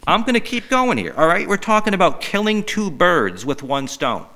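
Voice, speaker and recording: Animated, bright-voiced man ranting on a podcast. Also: high voice, moderate pace. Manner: profane, animated, mock-outraged. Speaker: podcast host. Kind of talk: casual comedic podcast rant.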